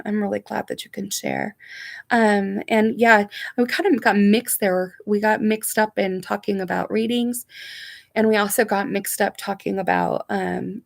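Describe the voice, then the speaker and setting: A woman's voice: mid-range voice, vocal fry. A woman hosting a casual livestream, reading viewer comments aloud and answering them in a chatty, sympathetic way. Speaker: vlog host reading live chat.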